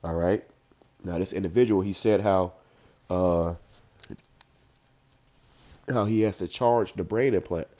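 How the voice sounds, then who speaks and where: A man with a stuffed-up voice who reads verses slowly, then comments on them in casual slang. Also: sits low, dark tone. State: congested, stuffed up. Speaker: street preacher. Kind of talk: informal scripture commentary. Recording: dull lo-fi recording.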